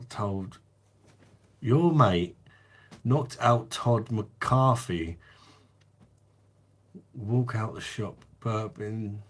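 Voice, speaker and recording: Host: blunt man, casual live chat, lowish voice, laughs freely. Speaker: livestream host.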